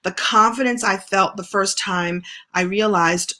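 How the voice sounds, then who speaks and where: A middle-aged woman coach telling a personal story in an animated, heartfelt way as a motivational talk. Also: mid-range voice, a little slow. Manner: animated, heartfelt, with self-corrections. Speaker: coach and speaker.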